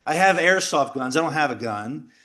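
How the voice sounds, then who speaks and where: A middle-aged man speaking at a men's retreat, telling a personal story in a jokey, animated way and acting out the voices of others. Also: a little high, moderate pace. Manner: animated, jokey, acts out quoted voices and shouts. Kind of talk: lively storytelling talk. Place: retreat house talk before a live audience.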